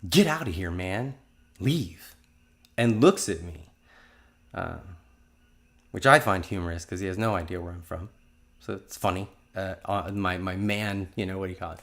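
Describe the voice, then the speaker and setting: A man's voice: low-pitched, normal speed, gravelly, fairly bright tone. A man in his fifties telling a religious testimony in an earnest, rambling way, often restarting his sentences. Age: 50s. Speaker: testimony speaker.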